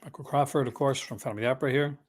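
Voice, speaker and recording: A man's voice: mid-range voice, fairly even intonation, rapid-fire, breathy edge. A man hosting a casual live unboxing stream, chatting in a rambling, conversational way with enthusiastic asides about films he collects.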